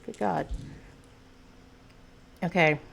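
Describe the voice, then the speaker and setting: A woman doing gameplay commentary who shouts frantic commands at her character, swears a lot, and talks calmer and self-deprecating between fights. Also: fairly low pitch, very slow, gravelly, slight background noise.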